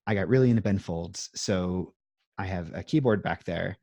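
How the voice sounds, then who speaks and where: Chatting from a home music room over a video call, a man in his thirties rambles as a guest in a casual interview, self-deprecating and full of fillers. His low, dark voice keeps a moderate pace, with no room sound.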